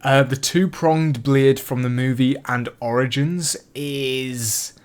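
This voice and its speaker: A man narrating a video game review, chatty and excitable, turning rambling and self-deprecating as he thinks aloud. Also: mid-range voice, unhurried. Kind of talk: scripted review narration and off-the-cuff ranking.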